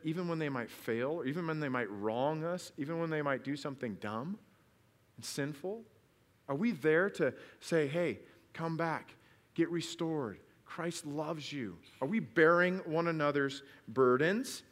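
Male pastor, slightly raised pitch, storytelling sermon delivery with rhetorical questions and emphatic builds. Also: a bit bright, long reverb tail. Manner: earnest, builds to emphatic peaks. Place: church service.

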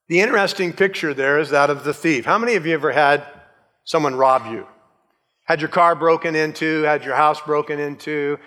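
A man's voice: a little high, pushed and bright, big-room sound. A male pastor preaching a sermon in a conversational way, with joking asides and acted-out quotes.

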